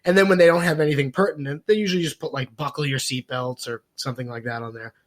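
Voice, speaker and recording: A man's voice: a little high, lively intonation, rapid-fire. Sarcastic man riffing on a podcast. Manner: sarcastic, acts out mock dialogues in exaggerated voices. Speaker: podcast co-host. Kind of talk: casual political comedy chat.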